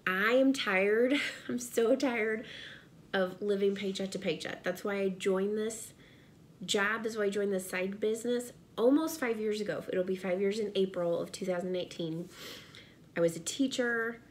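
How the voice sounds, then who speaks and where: Earnest chatty woman with faint rumble. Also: moderate pace. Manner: earnest, chatty, addresses viewers directly. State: pregnant. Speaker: vlogger and direct sales seller. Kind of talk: casual to-camera vlog. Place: home office.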